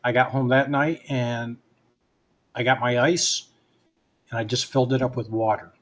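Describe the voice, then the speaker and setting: Man of mid pitch, relaxed podcast guest, tells easygoing anecdotes and plays both sides of the dialogue. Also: moderate pace. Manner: relaxed storyteller who acts out both sides of remembered dialogue. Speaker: guest hypnotist. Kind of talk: casual anecdotal storytelling.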